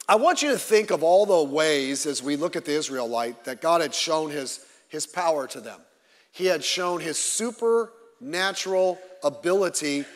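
A pastor preaching a Sunday sermon in a relaxed, joking way to his congregation. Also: a little high. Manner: conversational with jokes to the congregation. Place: church sanctuary. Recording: long reverb of a large hall.

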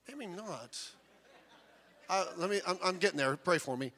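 A man preaching a sermon, telling jokey, animated stories that build up to loud emphasis. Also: high-pitched, normal speed, long reverb tail. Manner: animated storytelling with jokes, rising to loud emphasis. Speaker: pastor.

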